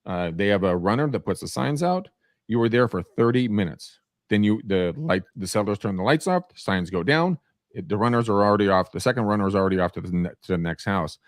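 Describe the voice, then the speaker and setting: A man co-hosting a casual podcast chat about real estate, an animated storyteller who acts out quoted people. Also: lowish voice, brisk, no echo, clean studio sound.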